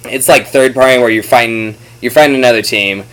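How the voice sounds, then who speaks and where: A man's voice: medium pitch, a little fast, fairly bright tone, clear, resonant tone. A man hosting a casual chat about video games, laid-back and rambling, swearing often. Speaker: podcast host. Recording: faint background noise.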